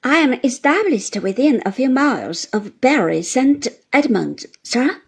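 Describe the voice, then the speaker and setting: A woman's voice: sits high, animated, breathy edge, full character voice. A woman doing a meek elderly country doctor. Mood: meek, deferential. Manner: slow, deferential, apologetic.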